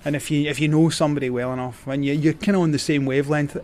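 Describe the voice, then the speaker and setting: A man's voice: on the high side, steady tone, fast, darkish tone, faint music behind. Rambling Scottish man telling stories. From Scotland. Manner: rambling, with many fillers and restarts. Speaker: guest, cycling journalist. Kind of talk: casual storytelling.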